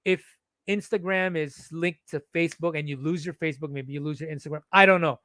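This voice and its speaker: A man's voice: fairly high pitch, brisk, bright, forceful tone, dry recording, clean studio sound. A man giving an emphatic first-person account to his followers, repeating and restarting words as he asks and answers his own questions. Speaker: social media commentator.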